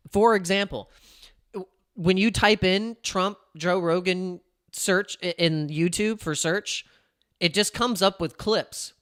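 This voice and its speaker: A man's voice: on the high side, a bit bright, clear, resonant tone. A man chatting casually on a crypto live stream, rambling and cutting himself off, laughing often.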